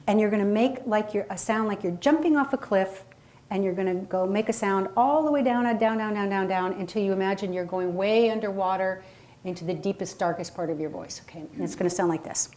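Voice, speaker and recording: Energetic woman coaching a live group. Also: a little fast. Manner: energetic, demonstrates vocal range with sudden high and low voices. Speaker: voice and presentation coach. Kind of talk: workshop talk to a live audience.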